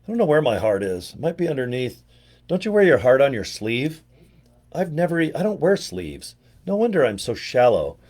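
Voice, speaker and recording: A man's voice: mid-range voice, big pitch swings, normal speed, a little mellow. An older man from the US giving a rambling, joking casual monologue as a video presenter, full of slang and asides. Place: home in Utah.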